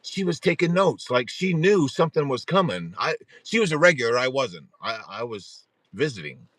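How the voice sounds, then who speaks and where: Animated, rambling middle-aged man. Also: medium pitch, moderate pace, no room sound. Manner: animated, rambling storyteller who restarts sentences and laughs at himself. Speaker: host of a support group livestream. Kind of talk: casual storytelling on a livestream.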